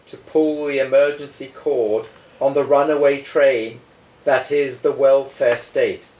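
A man's voice: medium pitch, steady tone, measured pace, darkish tone, poor audio. A man co-hosting a podcast, talking in a dry, sardonic and skeptical way in casual chat. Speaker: podcast co-host.

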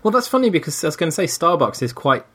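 Man, lively intonation, dry, teasing, casual chat. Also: on the high side, quick pace, husky. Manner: dry, teasing, laughs easily.

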